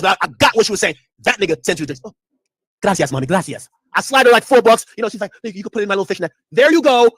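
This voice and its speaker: Animated fast-talking man telling a story. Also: very high-pitched, no echo, clean studio sound. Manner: animated, profane, acts out quotes. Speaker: streamer and commentator. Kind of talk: casual storytelling and reaction commentary.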